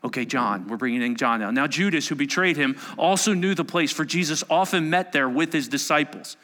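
A man preaching a sermon and reading scripture aloud, swinging between hushed asides and loud exclamations. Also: a little high, fairly quick. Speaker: pastor. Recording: long hall reverb.

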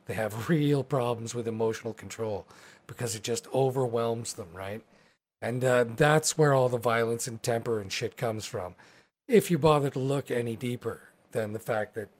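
A man narrating a tabletop game as its game master, rambling and relaxed. His voice is mid-pitched, and his talk is casual and full of fillers.

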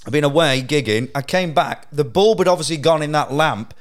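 Here a male stand-up comic, his voice a little high and his delivery brisk, spins a profane story in relaxed podcast chat. He keeps cracking up at the punchlines as he goes.

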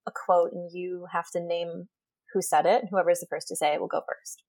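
Young female podcast guest moderator, relaxed and giggly, dry close sound. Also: lowish voice, a little fast, no room sound. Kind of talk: casual chat.

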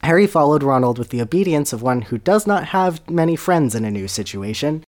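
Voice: mid-range voice, animated, brisk, darkish tone. A podcast host reading fan fiction aloud with sarcastic, giggly narration.

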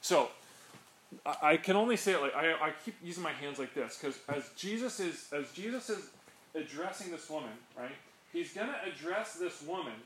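A man's voice: on the high side, gravelly, a bit bright. Chatty man teaching in an echoey room. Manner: chatty, frequent "right?" and "um" asides, tells stories to the group. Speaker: Bible teacher. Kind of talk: informal Bible study teaching. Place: room with a small group of listeners. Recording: echoey room with faint background noise.

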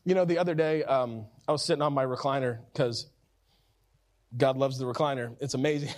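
Man, pastor, fairly high voice, sermon, conversational, restarts phrases, loud then hushed. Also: animated, fairly quick. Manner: conversational preaching that swings from loud and urgent to soft and quiet; repeats words and restarts phrases.

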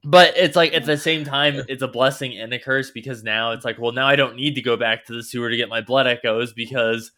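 Young man, casual gaming chat, bright crisp voice, animated storytelling. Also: medium pitch, brisk, hardly any pauses. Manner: animated storytelling, acts out his own reactions. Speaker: podcast host.

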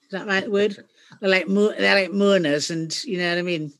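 A middle-aged woman with a Geordie accent, a podcast guest telling stories in a chatty, animated way. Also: mid-range voice, normal speed. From Northeast England. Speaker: guest, company founder. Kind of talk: podcast interview.

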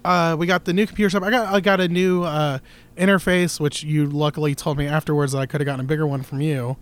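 A chatty man co-hosting a gear podcast, speaking a little higher than most men. He rambles through his stories and slips into quoted voices along the way. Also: steady tone, fast talker. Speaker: podcast co-host. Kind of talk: casual chat. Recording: with a faint crackle from his new computer setup.

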